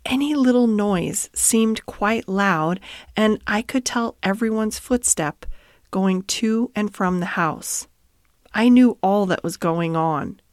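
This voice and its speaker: A woman hosting and reading a bedtime story aloud in a calm, measured way. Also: mid-range voice, no echo, studio quality. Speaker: host and storyteller.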